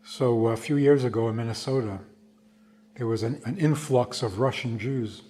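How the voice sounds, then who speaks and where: A man, a rabbi, giving an unhurried storytelling lecture, stretching key words for emphasis. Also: medium pitch, warm tone, slight background noise.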